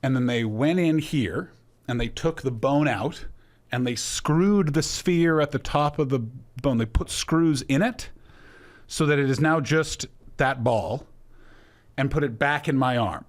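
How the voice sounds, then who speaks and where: A man from Canada, a comedian guest on a podcast, telling a story in a casual, animated way. He acts out the other people in the story and swears freely. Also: medium pitch, unhurried.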